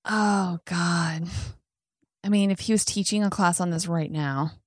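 A woman's voice: on the low side, a little slow, dry recording, studio quality. A woman chatting as a podcast guest, musing and hesitant, laughing easily. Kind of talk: casual podcast chat.

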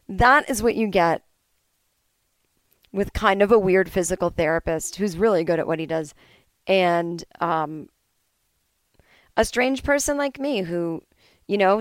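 A woman's voice: fairly low pitch, no echo. A woman hosting a solo comedy podcast, telling a candid, chatty story and acting out both sides of a conversation, with some swearing. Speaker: podcast host.

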